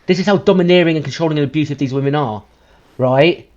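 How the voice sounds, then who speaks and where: A man's voice: a little high, fast, darkish tone. Angry ranting man, muffled. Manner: ranting, profane, emphatic. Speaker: podcast host. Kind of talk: heated commentary. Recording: slightly muffled lo-fi sound.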